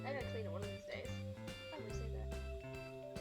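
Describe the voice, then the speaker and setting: A woman's voice: mid-range voice, normal speed, pauses often, a little mellow, faint music behind. A young woman vlogging casually from her bedroom, telling rambling stories with lots of giggles. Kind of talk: casual storytelling to camera. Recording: slightly dull lo-fi home recording.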